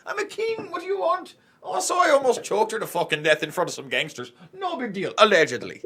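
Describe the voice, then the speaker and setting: A man's voice: sits high, huge pitch swings, brisk, bright, forceful tone, husky, pitched above the performer's own voice, exaggerated voice. A man putting on a brash young Irish male fighter, mocking and swaggering with profanity.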